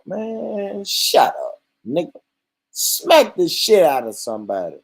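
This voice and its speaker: A man's voice: sits high, slow pace, gravelly, breathy edge. A man hosting his own vlog, ranting comedically with lots of swearing and frequent laughs. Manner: animated, swearing, laughing often. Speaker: vlogger. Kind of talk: profane comedic rant.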